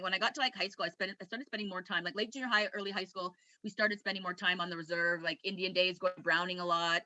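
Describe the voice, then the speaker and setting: Bright-voiced woman telling candid stories. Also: lowish voice, no room sound. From Canada. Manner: rambling and candid, laughs often, many restarts. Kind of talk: casual personal storytelling.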